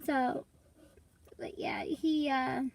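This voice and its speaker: A woman's voice: high voice, steady tone, very slow, gravelly, a little mellow, no room sound, low-quality recording. A young woman vlogging in casual, rambling chat to her viewers, coughing and congested from allergies. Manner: rambling, chatty, addresses viewers as y'all.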